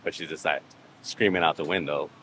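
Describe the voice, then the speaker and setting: A man's voice: extremely low pitch, steady tone, fairly quick. A man chatting casually as a podcast guest, rambling through a story and acting out the voices of others. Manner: rambling, acts out quoted voices. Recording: background noise.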